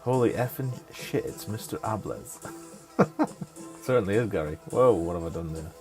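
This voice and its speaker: Male streamer, middle-aged, lower voice, casual and sweary; light music underneath. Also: lively intonation, normal speed, darkish tone. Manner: chatty, swears, mutters to himself. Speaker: game streamer. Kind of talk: casual chat over live gameplay. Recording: faint music behind.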